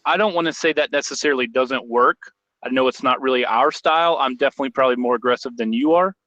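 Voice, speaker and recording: Guy cohosting a podcast, bright edgy voice, kinda muffled dry recording. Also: medium pitch, fast talker, dry recording. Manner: loose, joking storyteller. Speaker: podcast co-host. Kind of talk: casual chat.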